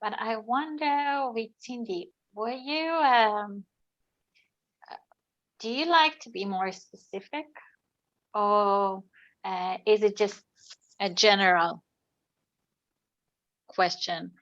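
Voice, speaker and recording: A woman's voice: mid-range voice, takes it slowly, pauses often, fairly bright tone, lo-fi sound. A woman moderating a panel, asking follow-up questions in a hesitant, polite way.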